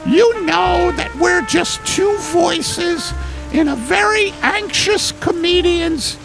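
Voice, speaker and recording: A man voicing a middle-aged wife who nags her husband in a high, whiny voice. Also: takes it slowly, gravelly, over music, heavily acted.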